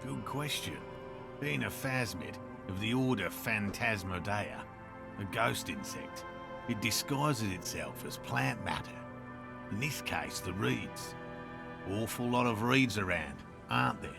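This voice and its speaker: An actor playing a dry, sarcastic, learned middle-aged cryptozoologist in a video game. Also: male voice, lowish voice, lively intonation, measured pace, creaky. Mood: wry. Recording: game audio with music behind.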